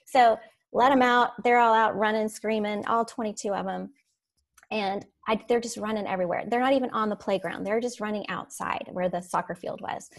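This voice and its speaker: A woman teacher telling classroom stories in a casual, animated way, laughing as she goes. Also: mid-range voice, brisk. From Florida. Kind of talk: casual storytelling on a podcast.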